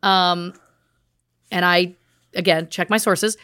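A woman's voice: lowish voice, fairly even intonation, slow, a bit bright, clean tone, dry recording, studio quality. A woman podcast host recounting research in a chatty, casual way, full of asides. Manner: chatty, speaks in asides and restarts. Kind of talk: casual storytelling chat.

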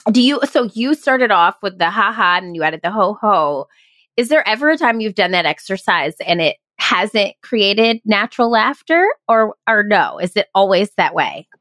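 A woman's voice: medium pitch, animated, normal speed, fairly bright tone, dry recording. A woman hosting a podcast interview, who asks questions in an enthusiastic, effusive way. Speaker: podcast host.

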